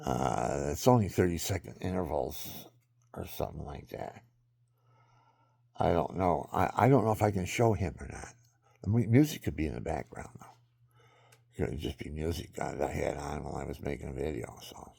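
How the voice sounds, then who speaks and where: Man, low gravelly voice, dry close sound, rambling talker who gets preachy. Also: no echo. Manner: rambling, swings into excited preaching. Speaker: video maker. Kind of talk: rambling monologue.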